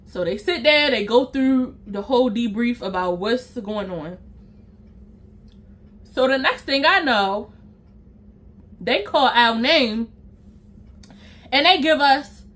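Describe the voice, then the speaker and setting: A woman's voice: sits high, sharp tone. A young woman vlogger telling a story in a casual way, speaking straight to her viewers and acting out her own reactions.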